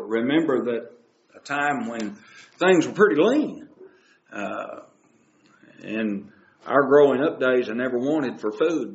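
An older man preaching a sermon in a church, talking in a conversational way and asking his listeners questions. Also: mid-range voice. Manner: conversational, asks the congregation questions, with frequent uh fillers. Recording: slightly dull lo-fi sound.

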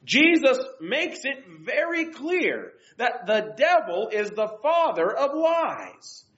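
A woman's voice: fairly high pitch, very animated, slow pace. A young woman giving an earnest devotional Bible lesson and reading scripture aloud. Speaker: Bible teacher. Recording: dull lo-fi recording.

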